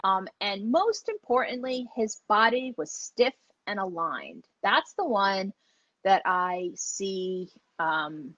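A woman's voice: medium pitch, expressive, takes it slowly, fairly bright tone, no room sound. A woman dog trainer teaching online, chatty and enthusiastic, acting out the dogs as she explains. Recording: dull lo-fi audio.

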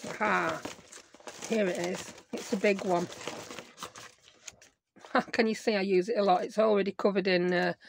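Croaky woman crafting. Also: mid-range voice, a bit bright, a little hiss or hum. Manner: chatty, thinks aloud while she works. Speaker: craft video host. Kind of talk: chatty crafting tutorial. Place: home craft desk.

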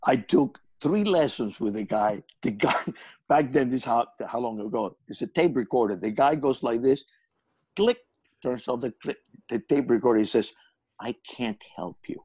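An older man with a Spanish accent, a guest comedian telling stories in casual chat over a video call, animated and often laughing. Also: mid-range voice, normal speed, breathy edge, no echo. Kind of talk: casual storytelling.

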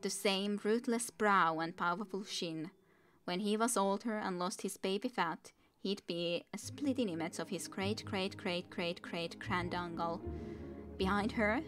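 A woman's voice: medium pitch, a little slow, a bit bright, faint music behind. A young woman streamer reading a fantasy novel aloud, with chatty asides to her viewers.

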